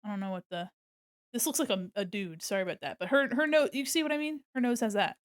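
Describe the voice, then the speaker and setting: A woman's voice: medium pitch, fast talker, no echo, clean studio sound. A young adult woman streaming casually while she draws, rambling and giggling often and swearing freely.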